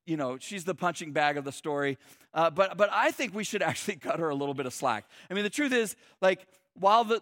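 A pastor with a high, bright, forceful voice preaches a sermon in a loose, conversational style, joking often and restarting his sentences with plenty of "like." The recording is studio quality with no room sound.

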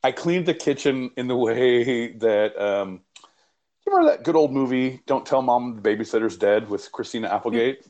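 A man's voice: medium pitch, moderate pace, a little mellow. A man co-hosting a podcast, telling rambling, profanity-laced stories in casual chat. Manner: rambling, profane anecdotal storytelling. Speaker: podcast co-host.

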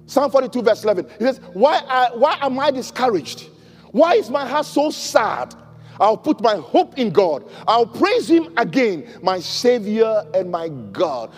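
A man preaching a sermon, reading scripture and leading prayers, swinging from loud cries to near murmurs. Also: sing-song, a little slow, big-room sound, faint music behind. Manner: preaching with dramatic swings in pitch and volume. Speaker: pastor.

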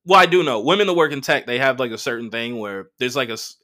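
Animated, fast, and sharp-toned, his mid-range voice drives a rambling, profane story full of fillers. He's a man in his early thirties with a Los Angeles accent, hosting a casual solo podcast.

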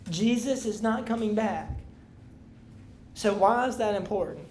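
A woman's voice: mid-range voice, unhurried, pauses often, a little mellow. A woman leading a Bible study, reading scripture aloud with emphasis and then explaining it in loose, casual talk to a room of listeners.

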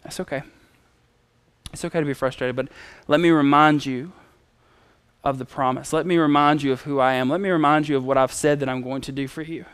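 Preacher doing God, soft and fatherly, hushed, tender, smooth voice. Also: mid-range voice, steady tone, brisk, no room sound, pitched below the performer's own voice, natural voice. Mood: reassuring. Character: gentle fatherly God comforting a man.

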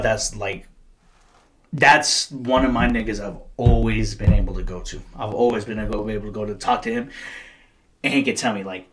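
A man's voice: mid-range voice, fairly bright tone. A man in his thirties, a podcast host, telling stories in casual, profane, slangy chat. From United States.

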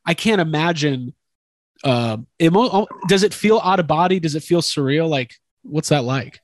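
A man's voice: on the high side, expressive, normal speed, dry recording. A young man hosting a podcast interview, asking enthusiastic, rambling questions with lots of restarts. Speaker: podcast host interviewing an actor. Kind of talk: casual interview chat.

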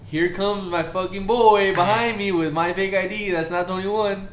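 A man's voice: sits high, fairly even intonation, normal speed, echoey room, slight background noise. A young man co-hosting a podcast, telling a story in a laid-back way, swearing and saying bro a lot. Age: young adult. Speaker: podcast co-host. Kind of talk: casual storytelling chat.

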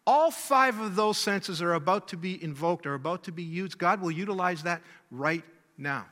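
A man with a high, bright and forceful voice delivers a sermon. He presses his points by repeating key words and asking rhetorical questions, and long reverb from a large hall trails each phrase. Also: moderate pace. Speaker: preacher.

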